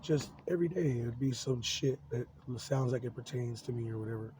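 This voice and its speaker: A man in his forties rambles through a personal monologue in a mellow, unbright voice. He swears nearly every line and trips over his own restarts, sounding worked up, with a faint hiss of noise behind him. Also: mid-range voice, rough recording. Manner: profane, agitated, halting with many restarts.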